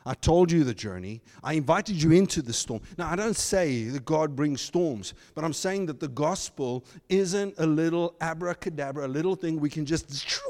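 A man preaching a sermon as pastor, animated, slipping into mocking asides in put-on voices. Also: fairly high pitch, normal speed, hardly any pauses, long reverb tail. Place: church.

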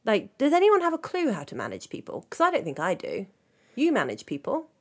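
Lively teasing woman co-host. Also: fairly high pitch, brisk. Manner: teasing, laughs often, lots of "like". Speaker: podcast co-host. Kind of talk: casual chat.

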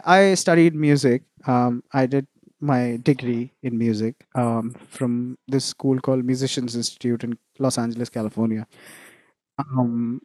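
A man's voice: medium pitch, darkish tone, no room sound, clean studio sound. A young man from India, a musician telling stories in a casual interview, laughing often and restarting phrases. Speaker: musician guest.

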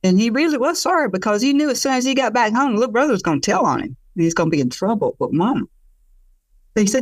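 A woman storyteller telling a traditional tale in an expressive, conversational way, laughing along with it. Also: fairly high pitch, fast talker, dry recording, recorded from a distance.

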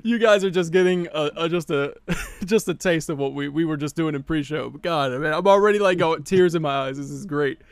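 Male podcast host, excitable and giggly, slightly high voice, dry studio sound. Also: fairly quick, clean tone, no room sound. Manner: hyped, laughs often, restarts sentences. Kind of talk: casual live podcast chat.

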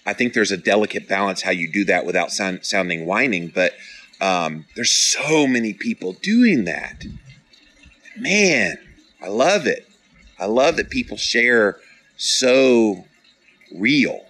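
A man's voice: on the low side, animated, takes it slowly, fairly bright tone, poor audio. A middle-aged man hosting a podcast, talking casually and earnestly as he encourages listeners and reads out their comments. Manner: earnest, encouraging, playfully dramatic. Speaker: podcast host reading live comments. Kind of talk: casual motivational talk.

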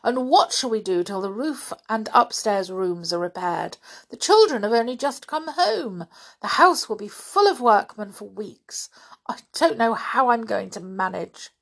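A woman voicing a worried, tearful middle-aged aunt in a storybook reading, sighing and anxious, with a husky voice. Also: on the high side, sing-song, a little slow, pitched above the performer's own voice, exaggerated voice. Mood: distressed. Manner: anxious, sighing, near tears.

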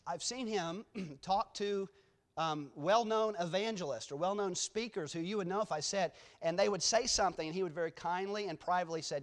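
A man's voice: a little high, fairly quick. A man speaking as a guest preacher in a church, telling rambling, self-deprecating stories with many restarts before his sermon. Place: church sanctuary.

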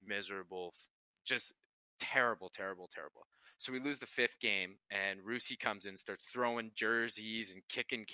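Man, young adult, lowish voice, very bright tone, dry close sound, casual profane storytelling. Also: clear, resonant tone, dry recording. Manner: profane, laughing anecdotes. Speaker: podcast co-host, pro hockey player.

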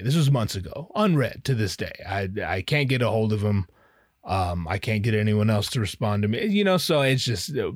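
A man talks through a casual podcast monologue. He rambles, swears freely and mocks himself. His pitch sits in the middle, and the close mic is dry with no room sound. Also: no room sound. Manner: rambling, profane, self-mocking. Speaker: podcast host. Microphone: podcast headphones and mic.

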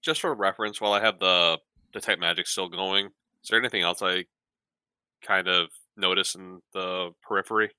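A man's voice: deep voice, fairly even intonation, moderate pace, bright, forceful tone, smooth, dry recording, low-quality recording. A man playing in a tabletop game, easygoing and asking practical questions. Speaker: player.

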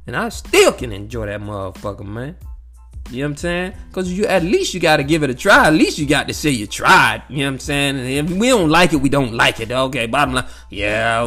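A man in a casual, profane monologue, talking straight to his listeners and circling back to the same phrases. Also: medium pitch. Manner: animated, repetitive, peppered with "you know what I'm saying". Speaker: vlogger sharing life views.

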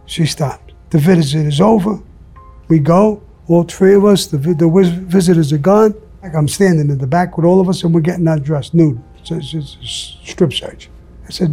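Older new guy telling rough stories in an interview, swears a lot, husky and kinda high. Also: moderate pace, warm tone, faint music behind. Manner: blunt, profane, streetwise storytelling. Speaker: interview guest. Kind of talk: storytelling interview.

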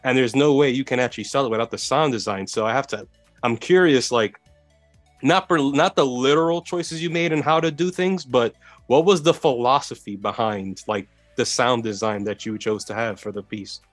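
A man's voice: medium pitch, normal speed, dry recording, faint music behind. A young man hosting a podcast, asking questions in a casual, curious way with many fillers. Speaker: podcast host. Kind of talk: podcast interview.

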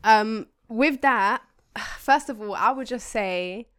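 Young woman, podcast co-host, smooth crisp voice, dry close sound, slangy and animated. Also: a little high, no room sound. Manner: animated, slangy, quick asides. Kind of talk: casual chat, reading a listener email aloud.

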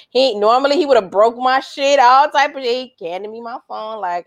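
A woman telling a story in casual chat, profane and animated, acting out what others said and laughing often. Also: on the high side, moderate pace, few pauses. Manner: animated and profane, acts out quotes in other voices.

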